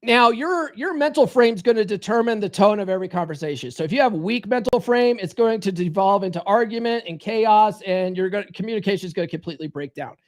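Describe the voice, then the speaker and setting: A man's voice: high voice, expressive, fast, hardly any pauses. A man delivers a podcast monologue as a dating coach. He talks bluntly and swears freely. He drills his points by repeating them. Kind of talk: podcast monologue giving advice.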